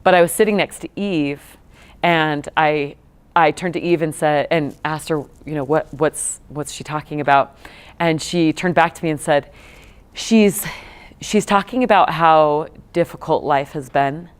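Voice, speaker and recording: A woman's voice: deep voice, measured pace, smooth. A woman in her thirties giving a talk to students, telling stories in a chatty way with many fillers and restarts. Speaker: guest speaker, nonprofit co-founder. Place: lecture room.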